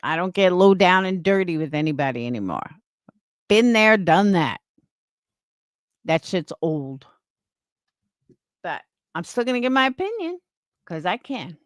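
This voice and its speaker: A woman's voice: fairly low pitch, sing-song, unhurried, pauses often, no room sound, clean studio sound. A woman live streamer chatting casually with her viewers, opinionated and rambling, restarting her sentences.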